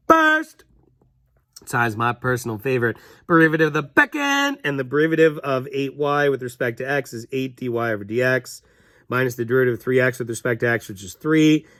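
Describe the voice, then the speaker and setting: Casual male teacher, 30s, chatty walkthrough, thinks aloud, mid pitch. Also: a bit bright, no room sound, clean studio sound. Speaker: math teacher. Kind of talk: recorded classroom lesson walkthrough.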